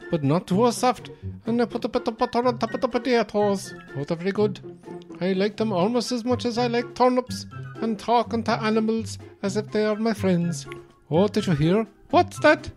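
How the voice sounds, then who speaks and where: A man putting on an exaggerated, high-pitched voice for naive, excitable stage-Irish rural villagers, with an Irish accent. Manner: high, shrill parody voice.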